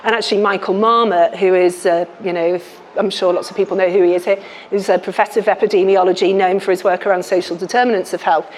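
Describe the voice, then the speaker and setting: A woman's voice: mid-range voice, steady tone, quick pace, darkish tone, slight background noise. Frank Scouse woman giving a talk. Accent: Liverpool (Scouse). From Liverpool, England. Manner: frank, chatty, many restarts and fillers. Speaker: author and health journalist. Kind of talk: book launch talk to a live audience. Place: lecture room with audience.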